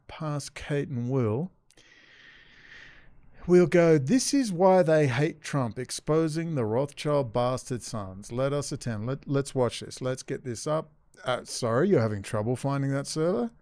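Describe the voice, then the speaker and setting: A man's voice: medium pitch, darkish tone, no echo, studio quality. A man hosting a commentary channel, ranting sarcastically over news clips and swearing often. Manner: sarcastic, swearing, mock-frightened asides.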